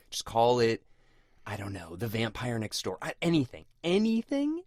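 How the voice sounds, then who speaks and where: Man, thirties, podcast co-host, casual rambling talk, low lively voice. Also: no room sound, clean studio sound. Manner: rambling, with many fillers. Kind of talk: casual chat.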